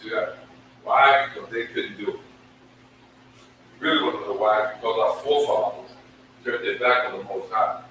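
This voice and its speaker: A man's voice: lowish voice, moderate pace, long pauses, sharp tone. A man giving a scripture lesson, emphatic, repeating himself and stretching out each syllable. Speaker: religious teacher. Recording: very echoey room, from far off, faint noise.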